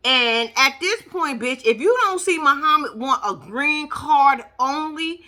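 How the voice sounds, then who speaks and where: A woman's voice: high voice, expressive, measured pace, sharp tone. A woman giving a brash, profane, casual recap of a TV episode, talking straight to her viewers. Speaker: reaction vlogger.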